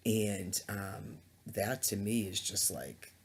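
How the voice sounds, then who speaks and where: Speaking slowly into his laptop's webcam mic, this man delivers a hesitant, disgusted rant, stumbling over ums and starting sentences again. His pitch is fairly low with fairly even intonation, and there's a little hiss or hum.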